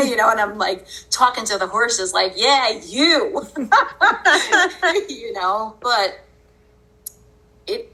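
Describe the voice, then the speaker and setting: A woman hosting a podcast, telling a personal story in an earnest, unhurried way and often breaking into laughter. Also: medium pitch, pushed and bright, low-quality recording. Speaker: podcast host.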